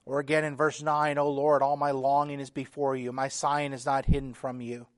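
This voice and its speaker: A man with a mid-range voice speaks a little fast in a flat delivery while preaching as a pastor. Earnest and emphatic, he reads scripture aloud with feeling and builds emphasis by repeating phrases.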